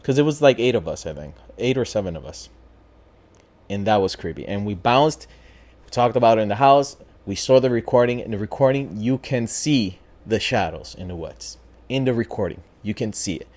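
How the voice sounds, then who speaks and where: A man casually telling a spooky personal story as a podcast host, talking in a lively, profane way. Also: lowish voice, normal speed. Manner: animated, profane, acts out voices in his story.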